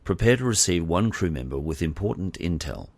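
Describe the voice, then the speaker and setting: A man voicing a calm male Vulcan commander who speaks in a clipped, formal way. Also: sits low, fairly quick, gravelly, no room sound, full character voice.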